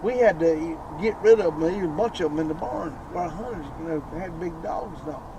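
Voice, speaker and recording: A man's voice: on the high side, brisk. A man, talking bluntly and profanely during a night outing in the woods. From southeastern United States. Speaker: landowner and coon hunter on a night investigation. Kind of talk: casual outdoor chat. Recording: noisy outdoor night recording.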